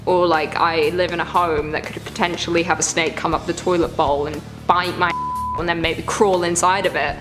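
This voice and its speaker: A woman's voice: fairly low pitch, fairly even intonation, normal speed, music in the background. A woman hosting a reaction video, chatting casually and groaning in disgust as she rambles. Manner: squeamish, exclaiming, rambling.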